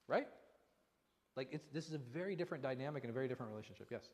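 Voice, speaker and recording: A man's voice: mid-range voice, racing. A man leads a conversational religious lesson as an imam, often tossing rhetorical questions at his listeners. His voice sits in a middle register. It carries a long reverb, recorded in a mosque hall. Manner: animated, asks rhetorical questions. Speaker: imam teaching a class.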